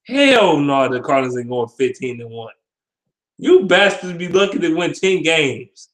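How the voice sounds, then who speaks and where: A man rants through his football picks in a fairly high voice, cursing freely as he trash-talks. His delivery is casual and animated, with laughter breaking into the rant. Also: measured pace. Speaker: sports vlogger. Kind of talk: casual trash-talk commentary.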